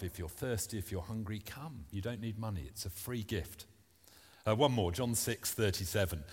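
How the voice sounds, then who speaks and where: A man's voice: on the low side, long reverb tail. A man preaching a sermon at a church service, earnest and plain-spoken, reading scripture aloud between his points.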